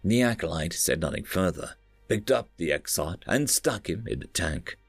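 A man narrating a story in a steady, expressive storytelling voice. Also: deep voice, moderate pace, breathy edge, dry recording, faint music behind.

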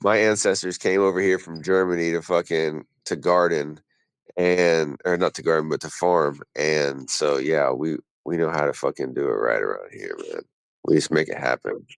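This man has a bass voice with vocal fry and keeps a moderate pace as he casually discusses his work on a podcast. He's relaxed, rambling, and swears freely. There's no echo.

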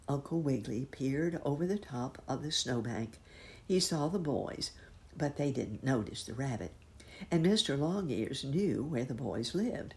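A woman narrating a children's storybook in an expressive, lively reading. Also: extremely low pitch, unhurried.

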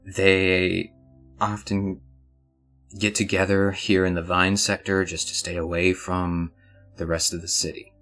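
A man's voice: deep voice, flat delivery, a little slow, a bit bright, soft background music. A man voicing a serious woman gang leader who gives orders in a businesslike way, with hesitant restarts.

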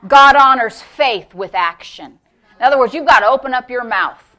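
A middle-aged woman pastor preaches a sermon, swinging from loud, emphatic exclamations to hushed storytelling that's almost a whisper. Her pitch is fairly high, her intonation lively, and her pace moderate.

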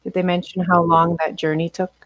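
Brief: woman, lower voice, pointed in-character questions, dry sound. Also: little pitch movement, fairly quick, no room sound. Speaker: player. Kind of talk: in-character role-play.

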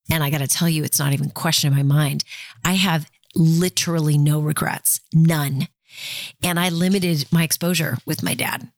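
A woman's voice: sits low, no echo, clean studio sound. A woman in her fifties giving candid, conversational personal advice and talking straight to her listeners.

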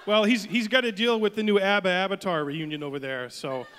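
A man's voice: sits high, fairly quick, a bit bright. A man in his thirties telling a story as a stand-up comic, loose and conversational. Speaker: stand-up comedian. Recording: long hall reverb.

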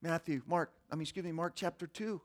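A man preaching a sermon in an animated way, acting out the voices of the people he quotes. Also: a little high, fast talker. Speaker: pastor.

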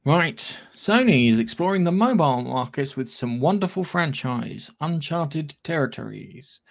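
A man's voice: on the high side, animated, unhurried, vocal fry. Chatty man rambling about games. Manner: chatty, rambling, swears casually. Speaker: podcast co-host. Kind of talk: casual gaming news chat.

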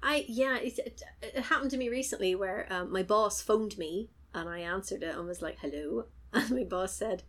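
A woman co-hosting a podcast, recapping and telling stories in an animated way, acting out the quotes in different voices. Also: mid-range voice, normal speed, hardly any pauses. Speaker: podcast co-host. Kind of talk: casual recap chat.

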